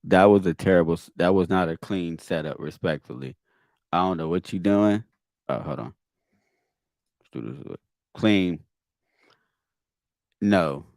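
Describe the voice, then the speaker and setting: Deep-voiced man, exasperated reaction host. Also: a little slow, pauses often, darkish tone, no echo, studio quality. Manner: exasperated, emphatic, repeats words. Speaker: podcast host. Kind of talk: reaction commentary on a video.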